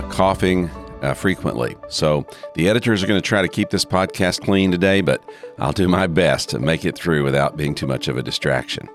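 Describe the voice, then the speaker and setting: A man hosting a ministry leadership podcast, speaking with a deep, gravelly voice from allergies in a measured teaching style that slows down to stress key phrases. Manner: measured, emphatic, repeats key phrases slowly. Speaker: podcast host and seminary president.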